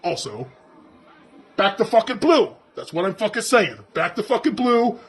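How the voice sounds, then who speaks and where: A man's voice: high voice, big pitch swings, normal speed, breathy edge, heavily acted. A man playing a crude, foul-mouthed police officer, ranting sarcastically and profanely as he comments on video footage.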